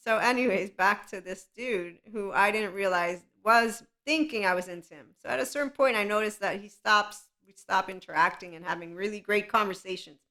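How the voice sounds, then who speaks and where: A woman's voice: medium pitch, brisk, few pauses, pushed and bright. Blunt, laughing woman podcast host. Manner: candid, laughs often, blunt. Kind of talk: casual monologue.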